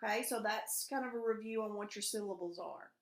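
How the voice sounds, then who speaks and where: A woman's voice: mid-range voice, brisk. A woman teacher, patiently walking young pupils through a reading lesson and asking them guiding questions. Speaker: elementary school teacher. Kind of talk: recorded remote reading lesson. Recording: echoey room.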